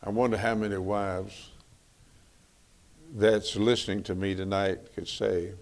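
A man's voice: on the low side, little pitch movement, unhurried, long pauses. A middle-aged man preaching a sermon on marriage in a folksy, conversational way, repeating phrases for emphasis.

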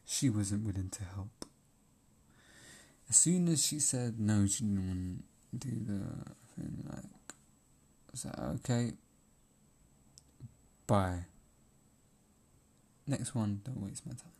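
A man's voice: fairly low pitch, slow, long pauses, dark tone, husky. A man ranting in a rambling, profane monologue, laughing often and repeating himself.

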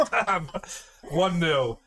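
A young man co-hosting a casual podcast, telling travel stories with lots of laughter and acted-out voices. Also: high voice. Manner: animated storyteller, laughs often, acts out quoted voices. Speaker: podcast co-host. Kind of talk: casual chat, storytelling.

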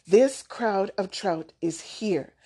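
Steady elderly grandfather, measured and unhurried, read by a woman in a storybook. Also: medium pitch, husky. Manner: measured, unhurried, gently instructive.

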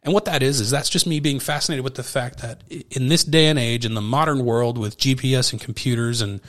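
A man hosting a podcast, telling a personal story in a casual, animated way, with occasional swearing and acted-out dialogue. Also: mid-range voice, a little fast. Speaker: podcast host.

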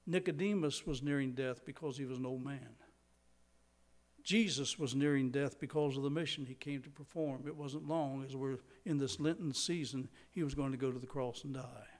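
An older man preaching a sermon, slowing for emphasis and dropping to a whisper at key points. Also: medium pitch. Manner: dramatic preaching, slows for emphasis, drops to a whisper.

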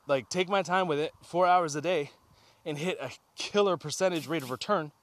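A man's voice: on the high side, normal speed, no room sound. A man hosting a casual motivational talk while out on a walk, getting slightly out of breath, addressing listeners as guys. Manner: energetic, talks to listeners as guys. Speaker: podcast host. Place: outdoors on a walk.

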